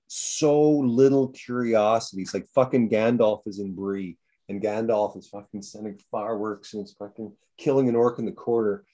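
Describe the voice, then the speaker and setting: Profane rambling man telling stories. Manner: profane, rambling, animated storytelling with jumps into high mocking voices. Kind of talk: casual storytelling chat.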